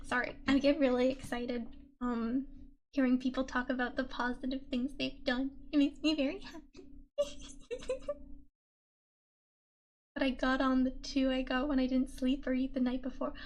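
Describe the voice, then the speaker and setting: High-voiced young woman chatting softly into binaural mic. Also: brisk. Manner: soft-spoken, giggly, gushes excitedly at chat. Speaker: VTuber streamer. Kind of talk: casual ASMR stream chat. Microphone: binaural dummy-head mic.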